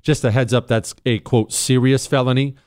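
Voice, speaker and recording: A middle-aged man hosting a talk radio show, telling stories and riffing on the news in a sarcastic, animated way. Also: medium pitch, normal speed, clear, resonant tone, dry recording, studio quality.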